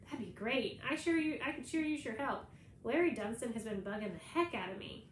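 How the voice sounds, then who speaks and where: A woman reading aloud voices a joking boy friend with a creepy, croaky voice, in an echoey room. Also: a little high, animated, a little fast, a little hiss or hum, close to an everyday voice. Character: boy Toby, jokey friend on the phone.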